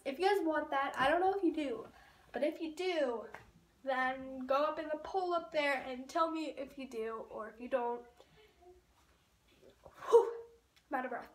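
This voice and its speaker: A teenage girl chatting casually through a haul video, gushing and rambling with lots of fillers. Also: sits high. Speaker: vlogger. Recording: roomy echo, off-mic, faint noise.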